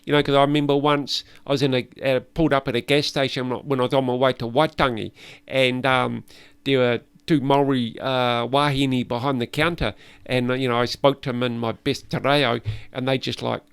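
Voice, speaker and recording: A man's voice: mid-range voice, flat delivery, a little fast, creaky, smooth, no echo. A man with a New Zealand accent, the guest on a casual chat podcast, telling self-deprecating stories with laughs.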